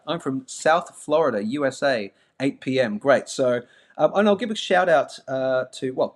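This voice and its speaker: A man's voice: mid-range voice, expressive, moderate pace. A middle-aged man with a mild Melbourne Australian accent, hosting a live stream in a chatty, self-mocking way and talking straight to his viewers. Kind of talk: casual live-stream chat.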